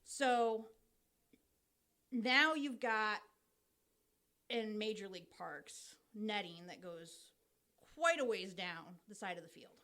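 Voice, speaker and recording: A young woman talking through baseball rules in an easygoing podcast chat. Her voice sits at an ordinary pitch, and she explains things step by step with plenty of ums and restarts. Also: lively intonation, slow pace, pauses often, pushed and bright.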